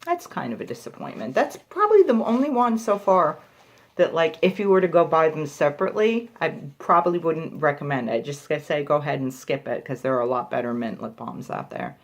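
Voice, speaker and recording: A woman's voice: deep voice, expressive, brisk. A woman talking casually in a product review vlog, chatty and full of filler words.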